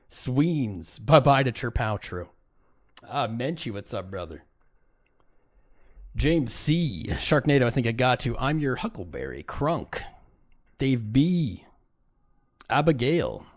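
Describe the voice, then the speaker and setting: A man's voice: medium pitch, big pitch swings, a little slow, long pauses. Male livestream host, casual and chatty, greets viewers by name, mid-range voice.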